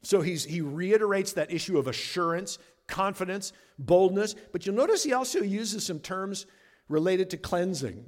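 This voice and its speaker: A man's voice: high voice, expressive, moderate pace. A man pastor preaching a sermon in an earnest, conversational way, leaning on words for emphasis. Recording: long reverb of a large hall.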